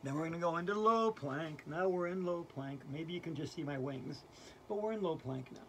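A man's voice: a little high, a little fast, a bit bright, slight background noise. A man playing a giddy winged yoga teacher lady. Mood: soft coaxing. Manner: giggly, keeps breaking into laughter and swearing. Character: giddy quirky female yoga teacher wearing wings. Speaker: yoga instructor. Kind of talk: comedic character yoga lesson.

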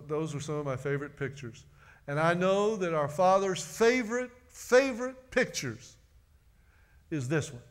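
A middle-aged man preaching a sermon in a church, earnest and repeating phrases for emphasis. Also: on the high side. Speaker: pastor. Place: church sanctuary.

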